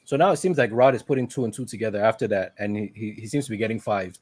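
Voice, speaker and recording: A man's voice: on the low side, racing, a little mellow. A man co-hosting a podcast, casually retelling a film's plot, quoting characters and laughing often. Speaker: podcast co-host. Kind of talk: casual movie recap.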